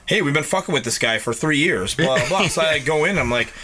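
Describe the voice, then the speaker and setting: A man's voice: fairly high pitch, lively intonation, fast, sharp tone. A man in his late thirties, from upstate New York, co-hosting a podcast and telling a profane story with lots of laughter. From North Tonawanda, New York. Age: late 30s. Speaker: podcast co-host. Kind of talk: casual storytelling chat.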